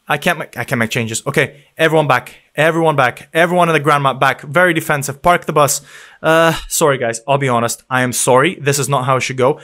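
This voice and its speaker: A man giving excitable, panicky live commentary on his own football management game, shouting at the match as it plays out. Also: on the high side. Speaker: gaming video creator.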